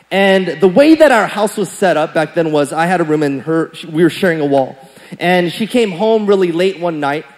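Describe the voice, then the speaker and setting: A young man preaching a sermon as pastor, telling a playful story and acting out quotes with big jumps in pitch and loudness. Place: church sanctuary. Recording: church hall with long reverb.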